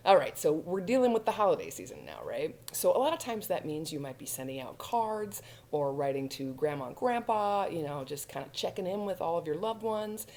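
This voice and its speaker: A woman hosting a children's storytime, speaking to little kids in a warm sing-song way. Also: fairly low pitch, sing-song, normal speed. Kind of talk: children's storytime reading and singing.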